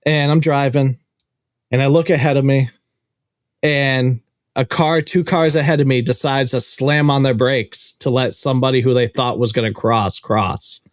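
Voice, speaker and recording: Animated, cursing podcast host, a man. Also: medium pitch, moderate pace, no room sound, studio quality. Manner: animated, profane storytelling. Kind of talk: casual chat.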